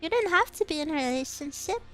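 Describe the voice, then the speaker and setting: A woman's voice: very high-pitched, a bit bright. A woman streamer in a casual live chat, earnestly encouraging her viewers and getting a little choked up. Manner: gets choked up and emotional.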